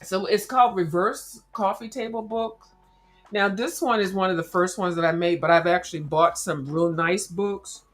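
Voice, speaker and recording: A woman's voice: medium pitch, fairly even intonation, moderate pace. A woman hosting a casual crafting livestream, chatting in a rambling, slangy way and talking straight to her viewers. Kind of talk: casual chat while crafting.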